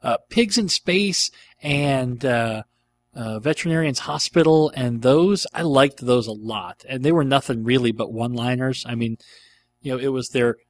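Speaking at a moderate pace in a mid-range voice, this middle-aged podcast host chats casually while answering listener questions. There's no room sound. He's rambling and eager, peppering his talk with frequent ums and uhs.

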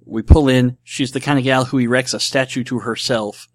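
A man's voice: medium pitch, steady tone, normal speed, no room sound, clean studio sound. A man from Nebraska hosting a casual solo podcast, enthusiastic and rambling, often repeating himself. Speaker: podcast host.

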